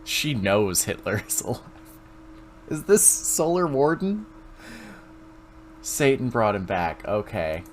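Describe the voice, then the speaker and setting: A male streamer who talks in a slow, drawn-out way, swearing freely and mid-pitched. He chats loosely over a faint hiss. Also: big pitch swings. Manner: slow, drawling, crude. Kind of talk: casual stream chat.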